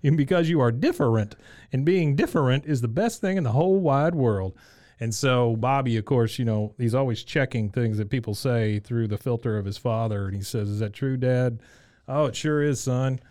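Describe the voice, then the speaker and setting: A man's voice: normal speed, a little mellow, dry recording. Podcast co-host, man, casual recap, laughs through his lines, dry mic. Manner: laughs often, acts out quotes in higher voices. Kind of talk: casual chat recapping a TV episode.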